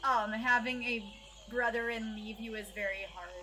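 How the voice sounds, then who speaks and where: A woman voicing a gentle young adventurer, speaking soft and earnest words of sympathy. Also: fairly high pitch, fairly even intonation, normal speed, a little hiss or hum, voice pushed down, rough recording. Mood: tender.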